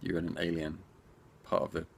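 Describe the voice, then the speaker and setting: Low-voiced man in chatty viewer Q&A. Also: monotone, fairly quick, gravelly. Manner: chatty and rambling, talks straight to viewers. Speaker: indie game developer answering viewer questions. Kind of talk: casual Q&A chat.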